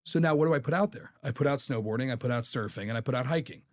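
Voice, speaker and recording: A man's voice: mid-range voice, rapid-fire. Candid, profane man in his thirties. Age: 30s. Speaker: podcast guest. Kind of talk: casual chat.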